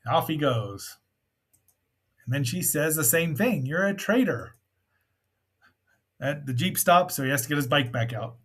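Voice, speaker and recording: Husky rambling man reviewing old films. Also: on the high side, animated, moderate pace, a bit bright. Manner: rambling, chatty, many fillers and asides. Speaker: movie reviewer host. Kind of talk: casual film review commentary.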